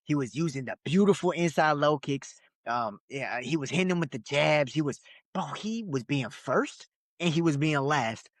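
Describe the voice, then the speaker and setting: Animated young podcast co-host, man. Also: fairly high pitch, normal speed, dry recording, clean studio sound. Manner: animated, loose and laughing, street slang. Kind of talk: casual chat.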